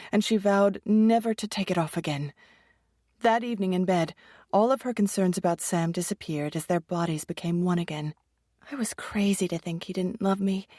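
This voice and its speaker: A woman's voice: medium pitch, no echo. Woman narrating an audiobook, dry close. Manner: even, measured storytelling. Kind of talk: scripted narration.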